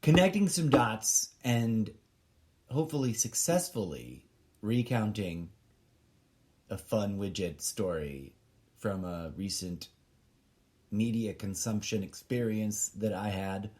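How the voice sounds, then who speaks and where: Slow, rambling middle-aged man. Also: on the low side, expressive, a little mellow. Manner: meandering, talks to himself, goes off on tangents. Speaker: podcast host. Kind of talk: rambling solo podcast monologue.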